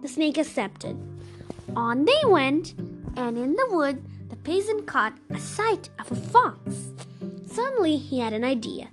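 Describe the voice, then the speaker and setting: A woman reading folktales aloud as a storyteller, gentle and expressive. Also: high-pitched, a little slow, over music.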